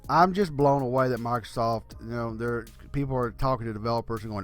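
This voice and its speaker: A man's voice: medium pitch, brisk, few pauses, soft background music. An older man hosting his own gaming channel, ranting bluntly and profanely about consoles, tired and yawning late at night. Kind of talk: casual opinion rant.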